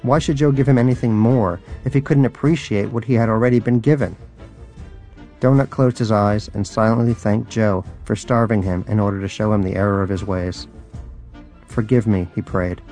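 Dry-humored man narrating a story, low voice. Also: steady tone, moderate pace, darkish tone, faint music behind. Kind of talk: audiobook narration.

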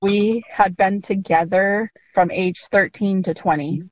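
A woman in her thirties giving a news interview, recounting events in a steady, measured way. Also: mid-range voice, no echo. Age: 30s. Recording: slightly dull lo-fi line.

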